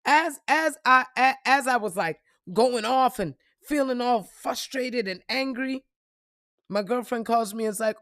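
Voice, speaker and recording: A woman vlogger giving a casual motivational talk to her followers, blunt and profane, swinging from loud punchy bursts to soft reflective moments. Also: a little high, measured pace, dry recording, studio quality. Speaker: spiritual reader and motivational vlogger.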